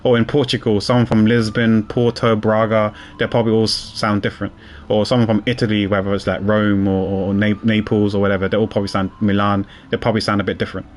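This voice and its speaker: A man's voice: fairly low pitch, little pitch movement, fast talker, slight background noise. A man chatting casually with viewers while gaming, rambling and often restarting or repeating his words. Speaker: streamer.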